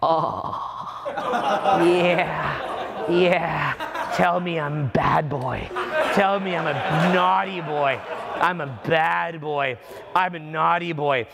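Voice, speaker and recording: A man acting out a whiny male student who wallows in self-pity, in a slow mopey drawl. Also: on the high side, gravelly, over a noisy crowd, exaggerated voice.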